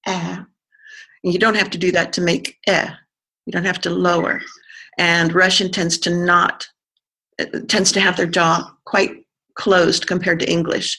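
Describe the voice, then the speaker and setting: An accent coach explaining pronunciation in conversation, pausing to think and sounding out vowels to demonstrate. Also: medium pitch, little pitch movement, pushed and bright, breathy edge. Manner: thoughtful, pauses with fillers, sounds out vowels to demonstrate.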